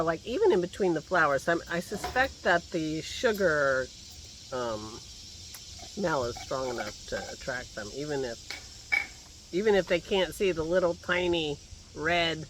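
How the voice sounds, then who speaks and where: Holding a phone at arm's length in his garden, a vlogger chats casually and rambles, laughing to himself, with a slight cough hanging on. His voice is a little high and a bit bright, with a little hiss or hum in the recording.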